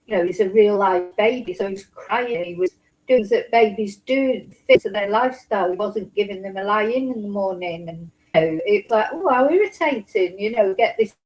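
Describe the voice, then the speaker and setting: A woman's voice: medium pitch, moderate pace, a little mellow, poor audio. A woman hosting a casual true crime livestream from her home in Spain, talking in a rambling, emotional way with many restarts.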